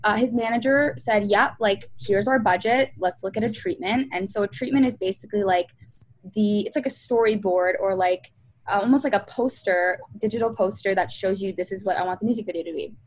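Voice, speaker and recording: A woman's voice: mid-range voice, fairly quick, low-quality recording. A young woman, a music video producer, chatting in a casual interview and telling stories with lots of fillers and acted-out quotes. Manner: chatty storyteller, many fillers, acts out quotes.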